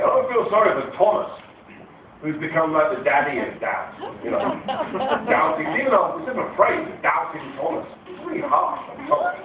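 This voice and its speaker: A man's voice: a little high, far from the mic, slight background noise. A man doing a rambling, playful stand-up routine, slipping into silly character voices. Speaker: stand-up comedian. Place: comedy venue stage with audience. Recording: live stage audio, tinny and roomy, loud crowd laughter. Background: audience laughter.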